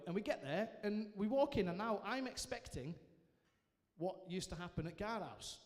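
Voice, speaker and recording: A man giving a personal testimony to a live audience, telling it as a lively story with self-mocking humour. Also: on the high side. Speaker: guest speaker sharing his testimony. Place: large church hall, indoors. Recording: reverberant church hall.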